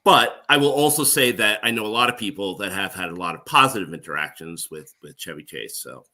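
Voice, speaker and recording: A middle-aged man tells his stories in a casual, animated way and often laughs along. His voice sits low but sounds very bright and forceful. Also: brisk. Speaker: guest, former NBC page. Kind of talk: casual storytelling.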